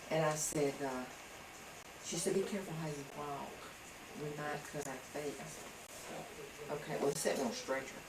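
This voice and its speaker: A woman telling a long story at home in casual talk. She rambles and acts out what people said. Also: sits low. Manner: rambling, acts out quoted dialogue. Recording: roomy home video from a distance, background noise.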